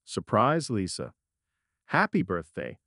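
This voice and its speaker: A man's voice: lowish voice, big pitch swings, takes it slowly, sharp tone, dry recording, clean studio sound, full character voice. A man voicing a cold, bitter husband who has found out his wife's betrayal, speaking in a cutting, unforgiving way.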